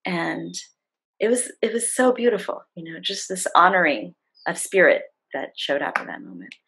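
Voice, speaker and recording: A middle-aged woman with a lowish voice, husky and a little gravelly, tells a story over a video call. She slips into the voices of the people in her story as she goes. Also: normal speed, rough recording. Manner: warm, animated retelling with acted-out quotes. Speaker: facilitator and guest. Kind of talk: storytelling in a conversation.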